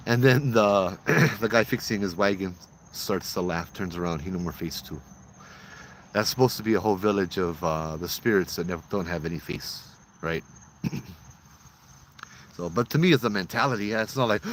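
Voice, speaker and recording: A man's voice: low voice, moderate pace, slight background noise. A man casually telling ghost stories as host, chatty and using local slang. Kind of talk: casual storytelling.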